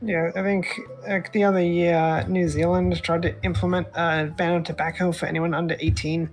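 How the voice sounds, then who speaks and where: A man's voice: on the high side, flat delivery, moderate pace, soft background music, poor audio. A man with an Australian accent chatting on a voice call in a dry, matter-of-fact way. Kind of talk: casual chat.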